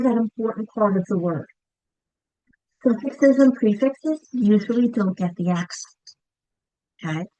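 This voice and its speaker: A woman's voice: mid-range voice, no echo, low-quality recording. A woman teaching reading instruction to teachers, patient and checking in often with "okay?" and "right?". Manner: demonstrates words by whispering, clapping and calling out. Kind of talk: teacher training lesson.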